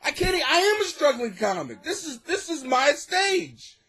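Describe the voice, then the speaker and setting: A man from the United States talks in a high, very lively voice, hosting his own comedy podcast from a home basement. He rambles and swears freely, dropping to quiet mutters and then rising to near-shouts. He laughs often as he talks. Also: normal speed. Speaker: podcast host, struggling comic. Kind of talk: casual comic monologue.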